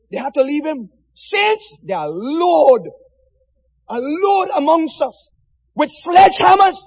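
A man preaching a sermon with passion, swinging from shouted lines to hushed, quiet ones. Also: extremely high pitch, very animated, slow pace, long reverb tail, poor audio. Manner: impassioned, swinging from shouts to near-whispers.

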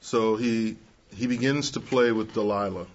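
A man preaching to young people, measured and emphatic, acting out the people he quotes. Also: lowish voice, steady tone, dull audio. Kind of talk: sermon.

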